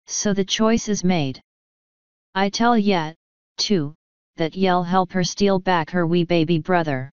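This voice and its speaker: A woman voicing an ancient fairy clan mother, slow and commanding. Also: lowish voice, smooth, no echo, highs cut off. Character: ancient tiny Scottish-voiced fairy clan mother, stern.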